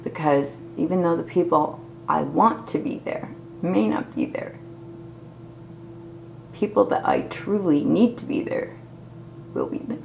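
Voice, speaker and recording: Woman, 40s, low gravelly voice, candid rambling vlog confessional. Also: measured pace, pauses often, a little mellow, slight background noise, poor audio. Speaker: vlogger. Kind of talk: unscripted personal video diary.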